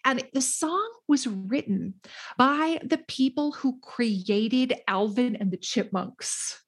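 Woman, podcast host, casual storytelling, animated, quotes in voices, slightly high. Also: takes it slowly, slightly rough.

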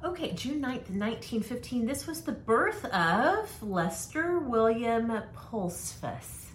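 A woman's voice: on the high side, big pitch swings, slow. A middle-aged woman co-hosting a podcast in casual, self-deprecating chat, reading out dates and facts. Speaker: podcast co-host. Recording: roomy with faint noise.

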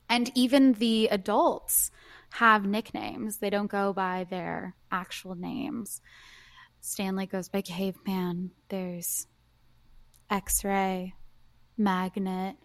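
In a dry recording, a young adult woman with a mid-range voice co-hosts a podcast. She chats casually and laughs easily.

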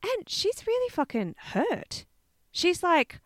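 A woman's voice: mid-range voice, moderate pace, no echo. A woman, recounting a story in a casual podcast chat, swearing and acting out quotes. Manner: animated, swears, acts out quotes. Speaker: podcast co-host.

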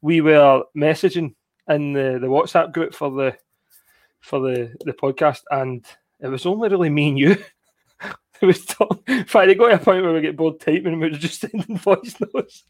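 A Scottish man co-hosting a live podcast, laughing often and reading out viewer comments, his voice a bit husky. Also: on the high side, normal speed. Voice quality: husky tonight. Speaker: podcast co-host. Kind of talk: casual live podcast chat.

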